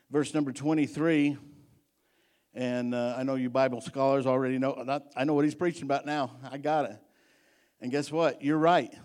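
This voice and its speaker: A male pastor giving a midweek sermon in a church, chatting folksily between readings and rising to fervent preaching. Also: mid-range voice. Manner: rises to fervent, loud preaching when reading and praying. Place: church sanctuary.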